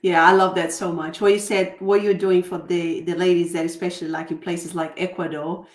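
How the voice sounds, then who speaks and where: A woman's voice: lowish voice, level tone, brisk. A woman host from Brazil with a Brazilian Portuguese accent, affirming her guest and wrapping up an interview over a video call. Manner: warm, affirming, frequent agreement. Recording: echoey room.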